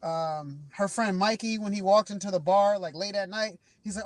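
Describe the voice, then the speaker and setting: A man's voice: sits high, normal speed, no echo. A man on a video call chatting casually about a movie, rambling with lots of fillers. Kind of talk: casual movie review chat. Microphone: video call with a dropping connection.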